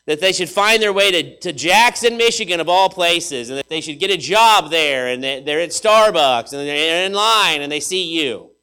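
Bright, forceful male preacher. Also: a little high, moderate pace, few pauses, smooth. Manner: animated, swings from loud to hushed, repeats phrases for emphasis. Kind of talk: sermon.

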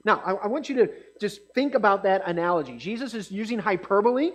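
A man reading scripture aloud and then preaching a sermon, talking conversationally with animated asides to the congregation. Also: sits high, fast talker, hardly any pauses.

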